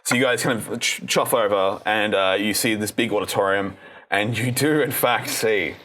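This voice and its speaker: A man's voice: lowish voice, moderate pace, a bit bright. Rambling Australian game master, man. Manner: loose, rambling narration with many restarts. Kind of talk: narrating a tabletop game.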